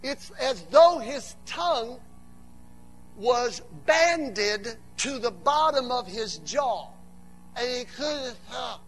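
A man with a very high voice delivers a sermon to his church at an unhurried pace. He slips into joking asides, then builds up to shouted, animated passages. Soft music plays faintly behind him. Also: vocal fry. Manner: animated preaching, rising to shouts, humorous asides. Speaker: preacher.

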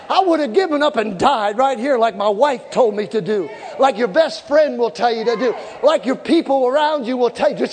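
A man preaching a sermon with fervent shouting and call-and-response to the congregation, recorded in a large church hall. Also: extremely high pitch. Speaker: pastor. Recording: echoey hall with live congregation.

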